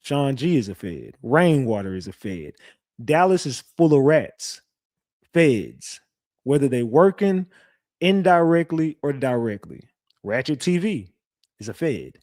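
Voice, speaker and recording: This online show host has a mid-range, slightly mellow voice with a sing-song quality and a measured pace. He tells viewers stories casually, cursing and wandering off track, and the studio recording is clean with no room sound.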